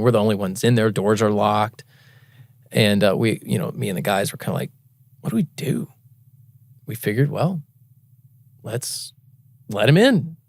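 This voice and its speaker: A man's voice: medium pitch, vocal fry, a little mellow, dry recording, clean studio sound. A male pastor preaching a sermon, telling a story in an earnest, conversational way and laughing at himself now and then.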